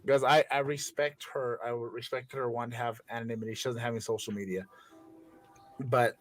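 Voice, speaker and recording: A man hosting a casual comedy podcast who talks in animated, joking bursts. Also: medium pitch, a little fast, slight background noise. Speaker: podcast host.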